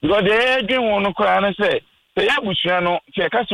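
A man's voice: sits high, fast, vocal fry, fairly bright tone, a little hiss or hum, poor audio. Earnest man pleading on radio. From Ghana. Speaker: family spokesman. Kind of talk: radio interview talk.

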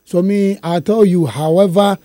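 A man's voice: high-pitched, moderate pace, mellow, dry recording. A man, a musician, speaking earnestly and emphatically in an interview. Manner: switches between English and Twi, earnest and emphatic. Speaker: musician guest. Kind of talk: interview conversation.

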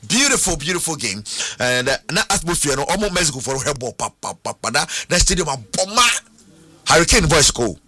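A man with a Ghanaian accent hosting a radio sports show, talking in an excitable, sing-song way and mixing languages. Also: fairly high pitch, fairly quick, no echo. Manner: switches between Twi and English, sing-song and excitable.

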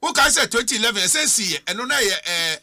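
A man with a Ghanaian accent, a political commentator on a studio panel, argues through rhetorical questions while switching between English and Twi. His voice sits high and sounds expressive, brisk, and sharp.

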